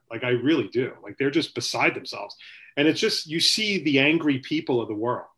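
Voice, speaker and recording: A man hosting a casual sports podcast, rambling and swearing, with a lot of "you know" filler. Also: medium pitch. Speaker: podcast host.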